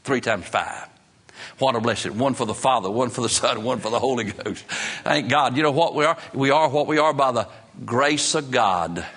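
A man preaching a sermon, swinging from hushed lows to high, impassioned peaks, with folksy grammar. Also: lively intonation, moderate pace, slightly rough. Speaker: pastor.

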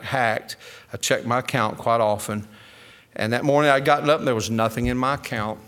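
A man in his sixties with a Mississippi Southern accent, a preacher telling a story in a sermon in a folksy, animated way. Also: mid-range voice. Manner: folksy, animated, acts out the voices of others.

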